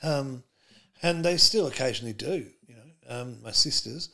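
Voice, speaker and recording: A man's voice: medium pitch, animated, normal speed, gravelly, bright, forceful tone. A middle-aged man, a comedian telling stories as a podcast guest in a rambling way, full of fillers and restarts. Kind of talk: casual interview chat.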